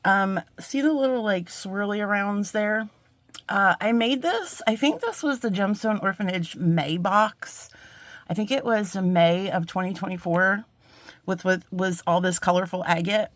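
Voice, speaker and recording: A woman's voice: mid-range voice, unhurried, dry recording. Woman, casual crafting tutorial host, chatty, rambling, self-deprecating, dry close sound. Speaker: jewelry-making channel host. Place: home craft desk with a cat around.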